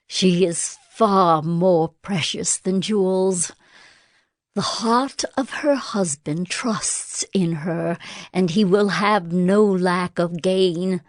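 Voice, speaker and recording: Female scripture reader, unhurried, measured, dry close recording. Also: lowish voice, no room sound. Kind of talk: scripted Bible reading.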